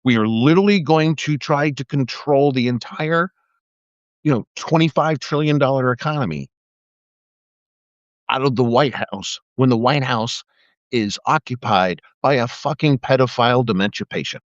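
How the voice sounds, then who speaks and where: A middle-aged former police officer hosts a live video, launching into a profane, sarcastic political rant full of mocking put-on voices. His medium-pitched voice moves at a normal speed with no echo, picked up by a phone or webcam with a dull, dry sound.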